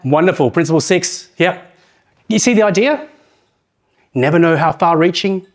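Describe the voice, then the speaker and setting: Lively New man giving a keynote. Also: fairly high pitch. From New Zealand. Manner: lively, asks the audience questions, slows down to read proverbs. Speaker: conference speaker. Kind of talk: keynote talk to an audience.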